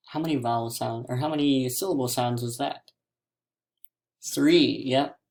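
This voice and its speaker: A man teaching a classroom mini lesson, stretching words out slowly syllable by syllable. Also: mid-range voice, steady tone, creaky, a little mellow, a little hiss or hum.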